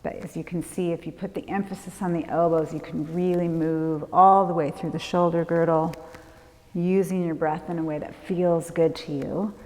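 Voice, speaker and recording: A woman leading a prenatal yoga class, giving calm, gentle movement and breath cues. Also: on the low side, moderate pace. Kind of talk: guided yoga class instruction. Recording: long hall reverb.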